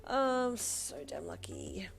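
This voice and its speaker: Voicing a cheerful, affectionate teen girlfriend in a fan fiction audiobook, the narrator speaks quickly in a lowish tone with vocal fry, faint music beneath. The delivery is playful, bright, and eagerly teasing.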